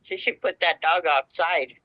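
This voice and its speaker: A man's voice: fairly high pitch, a little slow. Laid-back man heard dull and distant. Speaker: listener in casual conversation. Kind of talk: casual chat.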